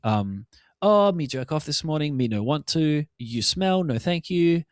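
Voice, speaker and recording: A simple-minded caveman speaking in broken, clipped phrases, played by a man. The voice is pitched a little higher than a plain speaking voice, with a comic, blunt delivery. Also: lively intonation, measured pace, smooth, no room sound, studio quality. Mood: refusing.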